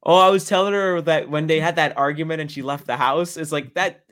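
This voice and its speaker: A man co-hosting a casual chat show, telling stories in an animated way and acting out what people said. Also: fairly high pitch, a little fast. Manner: animated storyteller, acts out quotes. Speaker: podcast co-host.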